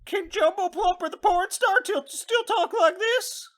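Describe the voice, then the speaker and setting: A podcast co-host voicing a brash, folksy cowboy man who hollers in a high, hammy drawl. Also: unhurried.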